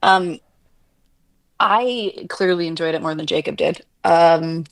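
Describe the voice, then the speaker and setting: A woman co-hosting a podcast, with a somewhat low voice. She talks in a chatty, casual way, full of "like" and "um", and pokes fun at herself. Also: slow pace, vocal fry. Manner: chatty, filler-heavy, self-deprecating. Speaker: podcast co-host. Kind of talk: casual chat.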